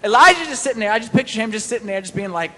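A man preaching a sermon-style Bible study, animated and playful, quizzing his listeners. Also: sits high, rapid-fire, in a large hall.

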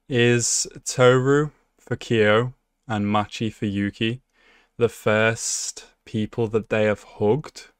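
A man's voice: medium pitch, clear, resonant tone, no room sound. A young man hosting an anime reaction video, talking casually and emotionally, swearing and laughing often. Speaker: anime reaction channel host.

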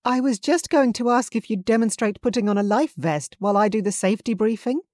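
A woman narrator voicing a brisk, businesslike young woman resort manager in an audiobook. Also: a little high, darkish tone, no room sound, studio quality, pitched above the performer's own voice, close to an everyday voice. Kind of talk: audiobook character voice.

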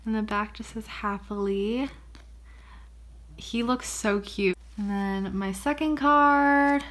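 A young woman talks to her camera while opening gifts, bubbly and effusive. She gushes over everything she pulls out, and her voice sits at an ordinary middle pitch for a woman. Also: slow pace, fairly bright tone. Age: young adult. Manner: bubbly, gushing, frequent gasps and laughs. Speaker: vlogger. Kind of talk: casual unboxing vlog.

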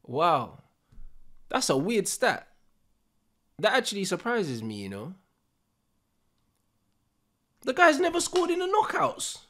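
Young streamer, relaxed delivery with animated pitch; loud slangy banter. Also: male voice, slow pace, pauses often. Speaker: streamer reacting to football. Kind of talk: live reaction commentary.

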